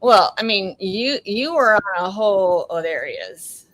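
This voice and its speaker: A woman's voice: medium pitch, big pitch swings, unhurried, fairly bright tone, no room sound, poor audio. A woman with a Boston accent hosting a livestream on a video call, chatty and teasing with her guests. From Boston area. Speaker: livestream host. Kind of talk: casual chat.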